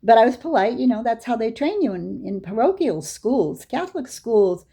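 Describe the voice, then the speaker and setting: A woman's voice: on the high side, sing-song, normal speed, creaky, mellow, husky. An older woman giving a storytelling lecture, recounting anecdotes and acting out the dialogue in her own voice. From Boston area, USA. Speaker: Islamic lecturer.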